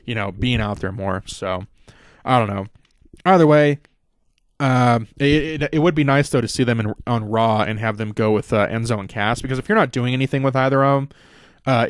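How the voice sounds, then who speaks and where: A man's voice: medium pitch, no echo, studio quality. A man hosting a podcast, recapping a show in a casual, rambling way with lots of swearing and fillers. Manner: rambling, profane, many fillers. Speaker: podcast host.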